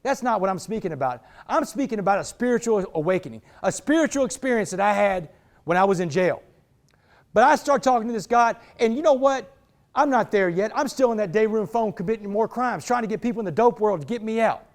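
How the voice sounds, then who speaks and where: A man's voice: high voice, animated, brisk. A man gives a motivational talk to a team, telling his story dramatically and acting out the voices of others. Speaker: motivational speaker.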